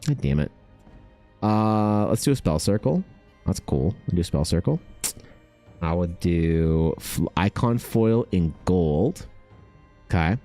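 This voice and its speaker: A young man streaming casually, excitable and thinking aloud, swearing freely as he chats. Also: sits low, measured pace, soft background music. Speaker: art streamer. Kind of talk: casual livestream chat.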